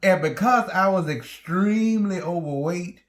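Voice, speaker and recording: A man's voice: high voice, unhurried. A man co-hosting a casual chat, earnest and conversational, repeating points for emphasis. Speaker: co-host.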